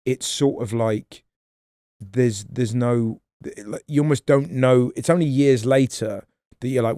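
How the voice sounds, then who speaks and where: A man, a comedian guest on a podcast, talking in a rambling, animated way and swearing freely. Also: mid-range voice, a little slow, no room sound, clean studio sound. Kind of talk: casual podcast chat.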